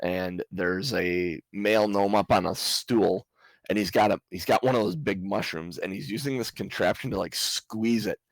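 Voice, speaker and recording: Male game master, low gravelly voice, dry sound; narrates scenes with frequent chuckles. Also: moderate pace, no echo, low-quality recording. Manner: chuckles often while describing scenes.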